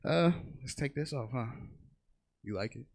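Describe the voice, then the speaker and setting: A man's voice: medium pitch, animated, measured pace, gravelly, heavy background noise. A man doing a profane stand-up comedy set on a theater stage, telling stories and briefly acting out other people's voices. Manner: profane, storytelling, acts out voices in bursts.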